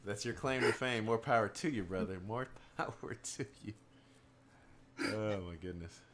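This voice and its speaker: A man from Minnesota with a Minnesota accent, hosting a casual stream chat, animated and teasing. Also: lowish voice, normal speed, a little hiss or hum. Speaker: streamer host.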